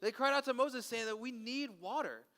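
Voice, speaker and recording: A man's voice: extremely high pitch, normal speed. A man leading a children's service outdoors, telling a Bible story and quizzing the kids. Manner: animated, asks kids questions. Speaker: children's pastor. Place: outdoors in a park.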